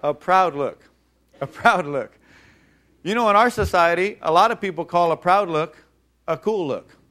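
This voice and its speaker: A man preaching a sermon in an animated way, acting out voices and calling on the congregation to respond. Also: high-pitched, normal speed. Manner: animated, acts out mocking voices, calls for audience response.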